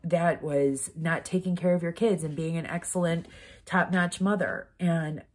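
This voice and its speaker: A woman's voice: fairly low pitch, fairly even intonation, a little slow, a little mellow. A mother speaking in a candid personal vlog, rambling and heartfelt, emotional and close to tears. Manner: rambling, heartfelt, many "like" fillers. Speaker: vlogger, mother.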